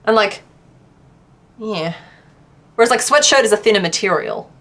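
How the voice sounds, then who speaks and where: In an expressive, fairly bright, medium-pitched voice at normal speed, a young woman with a southwest Western Australian accent crochets live. She reads out chat messages, staying casual and self-deprecating and laughing frequently.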